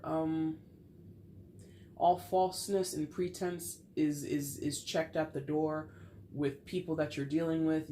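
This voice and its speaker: Getting over a cold, a tarot reader gives a relaxed reading to camera, full of playful chatter and frequent laughs. Her voice is low-pitched and warm, with a bit of hiss or hum in the recording.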